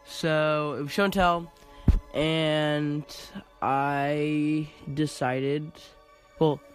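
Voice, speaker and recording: Casual male host, slightly high voice, rambling giggly storyteller. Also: level tone, very slow, soft background music. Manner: rambling, giggly, lots of fillers.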